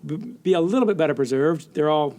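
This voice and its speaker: A middle-aged American man spinning stories as a podcast guest. He is lively and laughs easily, and he slips into other people's voices when he quotes them. His voice sits a little high for a man. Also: fairly quick. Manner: animated raconteur, laughs often, acts out quotes. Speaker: author guest. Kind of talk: storytelling interview.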